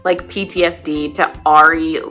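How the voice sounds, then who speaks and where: A woman hosting a casual, chatty recap of a reality dating show, animated and self-deprecating. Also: low-pitched, moderate pace, soft background music. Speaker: host.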